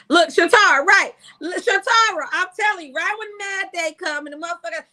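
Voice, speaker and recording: A young woman hosts a casual talk show in a high, bright voice. She is brash and profane and tells her stories with animated swings in her delivery. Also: fairly quick, few pauses. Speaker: podcast host. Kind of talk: casual chat.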